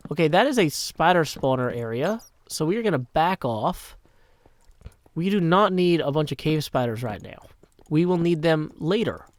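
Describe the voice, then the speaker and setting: Middle-aged male streamer, casual game commentary, hushed muttering asides. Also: on the high side, lively intonation, normal speed, no echo. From Nashville, Tennessee. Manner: chatty, self-deprecating, often drops to a hushed mutter. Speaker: gaming streamer. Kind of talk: casual live gameplay commentary.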